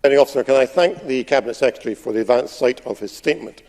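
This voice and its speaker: A man's voice: medium pitch, lively intonation, rapid-fire, a little mellow. A man, an opposition member of parliament, questioning a minister in a pointed, sarcastic, adversarial way. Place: large parliamentary debating chamber. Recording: long reverb of a debating chamber.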